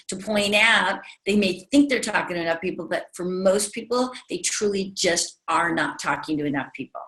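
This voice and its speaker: A woman's voice: fairly low pitch, pushed and bright. A woman giving a leadership coaching lesson to a group, emphatic and repeating key phrases while asking them questions. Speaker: network marketing leadership trainer. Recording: echoey room.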